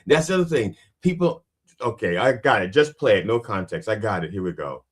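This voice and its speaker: A man's voice: on the low side, lively intonation, fairly quick. A man hosting a podcast who also performs stand-up, talking in a rambling, self-questioning way and swearing casually. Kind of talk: casual chat. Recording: roomy, distant mic.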